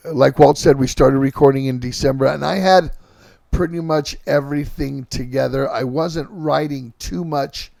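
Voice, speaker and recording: Gravelly middle-aged man, rambling chat. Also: mid-range voice, steady tone, a little mellow, no room sound, studio quality. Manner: halting, with many fillers and restarts. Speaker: podcast host and band singer. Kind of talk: casual rambling storytelling.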